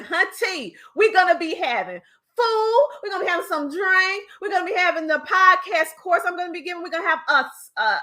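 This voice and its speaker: A woman with a Southern twang hosting her podcast, giving an animated motivational talk with folksy slang to her live viewers. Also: on the high side. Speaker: podcast host.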